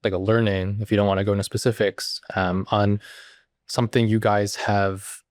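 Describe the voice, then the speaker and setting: A male podcast host asking questions in a casual interview, softly and trailing off as he goes. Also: on the low side, little pitch movement, normal speed, no room sound, studio quality.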